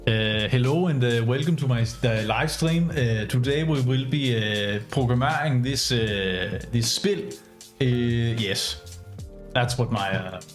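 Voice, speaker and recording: A man doing a halting, filler-heavy impression of Danish-accented English. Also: fairly low pitch, steady tone, faint music behind, natural voice. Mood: mock-formal.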